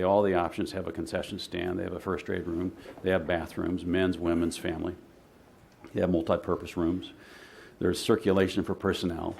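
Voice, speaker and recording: A man giving a measured, explanatory presentation to a city commission in a meeting chamber, often pausing on "uh". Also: low voice, gravelly, a little mellow. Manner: measured and explanatory, with frequent "uh" fillers.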